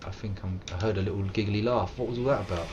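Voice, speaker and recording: An English man in his thirties, with a lowish, darkish voice and a steady tone, talks at a quick pace while streaming a game live and chatting with viewers. He rambles playfully and bursts into silly put-on voices, and the lo-fi sound has a little hiss or hum.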